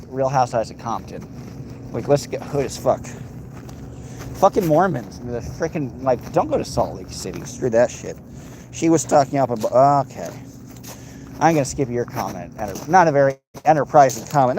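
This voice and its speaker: American guy streaming, riffing on chat, crude and sarcastic, mid pitch, bit of hum behind. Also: a little mellow. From United States. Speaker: livestream host reading chat. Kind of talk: casual livestream chat.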